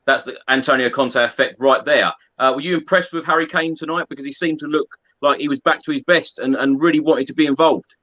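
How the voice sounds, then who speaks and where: A man hosts a football podcast with a bright, forceful voice. He puts brisk questions to a guest and reads viewer comments aloud. The audio is slightly dull and lo-fi. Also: on the high side, fairly even intonation. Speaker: podcast host. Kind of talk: casual podcast chat.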